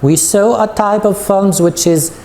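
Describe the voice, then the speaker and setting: A man's voice: high-pitched, warm tone, slight background noise. A man teaching an English lesson to students, speaking patiently and asking them questions. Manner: patient, drawn-out, leads with questions. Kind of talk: slow recorded classroom lesson.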